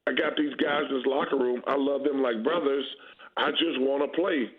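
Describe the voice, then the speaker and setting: A man's voice: medium pitch, fairly even intonation, normal speed. A man in his fifties talking sports casually as a guest, blunt and candid. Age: 50s. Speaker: guest basketball analyst. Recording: tinny phone-line audio.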